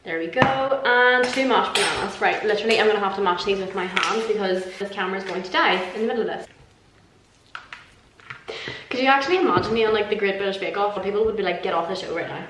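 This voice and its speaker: A woman's voice: mid-range voice, fast. A young Irish woman vlogging casually while she cooks at home, talking in a chatty, self-mocking way and swearing freely. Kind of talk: casual cooking vlog chat. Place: home kitchen. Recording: echoey kitchen with background noise.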